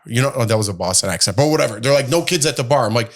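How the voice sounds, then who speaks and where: A middle-aged man co-hosting a podcast, telling stories in an animated, grumbling, exaggerated way. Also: mid-range voice, racing, few pauses. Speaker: podcast co-host. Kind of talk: casual chat.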